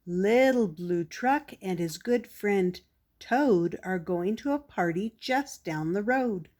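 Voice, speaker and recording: A woman's voice: expressive, slow pace. An older woman reading a picture book aloud to children as a grandmother, lifting her voice for the animal sounds. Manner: plays animal sounds in a higher, louder voice, with soft laughs.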